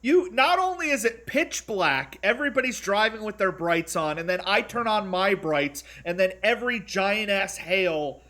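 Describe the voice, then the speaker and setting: A man's voice: high voice, animated, normal speed, hardly any pauses, pushed and bright. A man co-hosting a podcast in casual chat, joking and slipping into voices. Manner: joking, often puts on voices. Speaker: podcast co-host.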